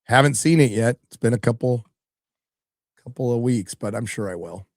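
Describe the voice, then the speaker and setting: A man's voice: medium pitch, normal speed, a little mellow, no echo, studio quality. A middle-aged man hosting a live stream, chatting casually, swearing freely and reading viewer donation messages aloud. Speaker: livestream host reading donations.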